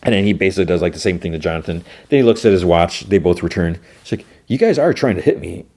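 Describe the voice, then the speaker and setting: Male podcast host with a deep voice, loosely recapping an episode at home. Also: lively intonation, fast, warm tone. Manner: loose retelling, quoting characters with "he's like".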